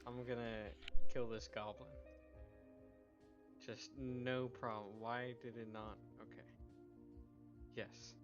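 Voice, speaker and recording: A man's voice: mid-range voice, little pitch movement, takes it slowly, long pauses, dull audio, over music. A man playing a tabletop game, hesitant as he thinks aloud through his turn. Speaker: player. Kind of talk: casual tabletop game play.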